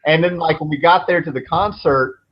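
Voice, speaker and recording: A man in his thirties hosts a show, his voice a touch high and his pace fairly fast. He chats casually through long, winding stories and swears liberally, recorded in dull lo-fi quality with faint noise.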